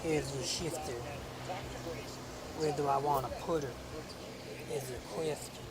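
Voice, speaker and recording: A man hosting a casual livestream, rambling and swearing as he thinks out loud. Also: on the high side, steady tone, unhurried, over a noisy crowd. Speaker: livestream host. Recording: loud vehicle and game noise behind.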